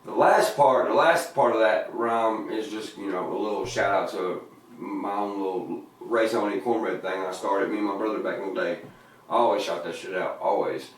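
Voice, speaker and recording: A man at ordinary speaking pitch tells laid-back, profanity-laced stories about his own song lyrics. He is recorded in a very echoey room, far from the mic. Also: moderate pace. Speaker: musician explaining his lyrics. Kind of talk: casual interview talk.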